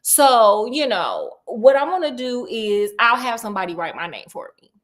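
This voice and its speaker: A woman's voice: a little high, sing-song, normal speed, a bit bright. A woman voicing a spoiled, cruel boy prince who brags and calls people honey. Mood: bratty.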